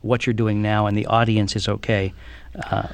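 Low-voiced man asking measured questions. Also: level tone, vocal fry, no echo. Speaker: TV critic interviewer. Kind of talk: interview questions.

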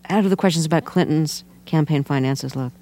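A woman's voice: deep voice, brisk, warm tone. A woman interviewing a guest, asking long, somewhat hesitant questions. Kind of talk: radio interview.

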